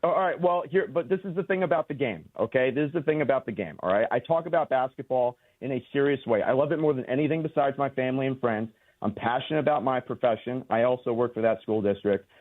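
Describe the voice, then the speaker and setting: A man's voice: medium pitch, fast talker, no echo. Earnest man calling in on a tinny phone line. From Los Angeles. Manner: earnest, emphatic, rambling storyteller. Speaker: caller. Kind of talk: call-in radio chat. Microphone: phone call.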